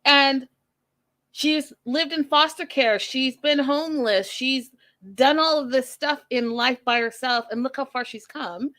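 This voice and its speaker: A woman's voice: high voice, a little slow, fairly bright tone. Lady hosting a live recap, very opinionated, talks right to the chat. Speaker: host. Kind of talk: live show recap and review.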